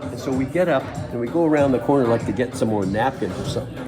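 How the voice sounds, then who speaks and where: A man telling a casual, emotional story in a halting way, often repeating his words. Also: mid-range voice, expressive. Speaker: storyteller recounting a school visit. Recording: crowd chatter and music behind.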